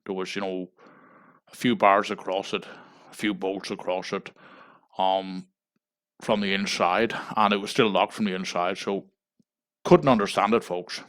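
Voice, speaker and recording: Low-voiced Irish man pleading "folks". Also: fairly even intonation, a little slow, pauses often, fairly bright tone. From Ireland. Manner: says "folks" after nearly every phrase, pleading. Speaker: comedic livestreamer. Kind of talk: deadpan mock fundraising appeal.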